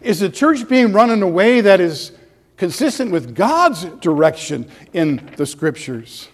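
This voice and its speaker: A man delivering an earnest sermon as pastor, leaning on rhetorical questions and building to animated stretches. His voice sits a little high for a man. A long reverb trails each phrase, as in a church hall. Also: a little slow.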